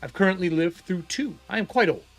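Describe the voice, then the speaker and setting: Man as a secretive old male historian, lively and high-pitched, insistent, a tabletop game figure. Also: fairly quick, faint music behind. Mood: probing. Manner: polite but guarded, presses with questions.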